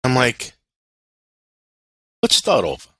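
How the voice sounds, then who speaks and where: Animated man from Brooklyn telling stories. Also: mid-range voice, slow, slightly rough, no echo. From Brooklyn, New York. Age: 50s. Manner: animated, acts out other people's voices, repeats words when starting. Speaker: podcast guest. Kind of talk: casual storytelling.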